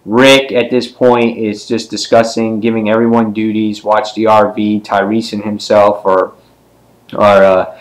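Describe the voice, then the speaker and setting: A man talks through a comic book issue in a loose, chatty way, with plenty of ums. Now and then he jumps into a quick voice for a character as he retells a scene. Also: fairly low pitch, flat delivery, low-quality recording. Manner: loose and casual, with many ums. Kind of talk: casual comic book review.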